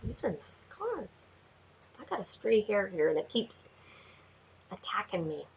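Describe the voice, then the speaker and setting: A woman giving a chatty tarot card reading, laughing often and talking to viewers in animated asides. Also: medium pitch, measured pace, creaky, noisy background. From Canada. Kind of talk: casual tarot reading vlog. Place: home with window view.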